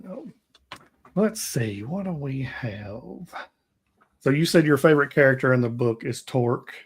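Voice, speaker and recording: A man's voice: mid-range voice, expressive, unhurried, slightly rough. Southern-accented American man, chatty livestream host who rambles and laughs easily. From Tennessee, USA. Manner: rambling, laughs often, drawling. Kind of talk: casual interview chat.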